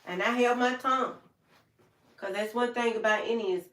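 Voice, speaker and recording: A woman's voice: a little high, normal speed, fairly bright tone, roomy sound, recorded from a distance. An older woman hosting a livestream, talking in a folksy, heartfelt way and speaking straight to her viewers by name. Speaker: livestream host. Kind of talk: casual livestream chat with viewers.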